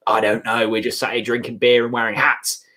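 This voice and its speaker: A man's voice: medium pitch, level tone, a little fast, bright, forceful tone. A man hosting a fan watchalong stream, chatting casually and reading viewer messages with banter. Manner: chatty, reads out super chats with banter.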